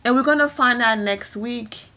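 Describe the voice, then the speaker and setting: A woman hosting a casual reality TV recap, animated and opinionated with quick asides. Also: fairly high pitch.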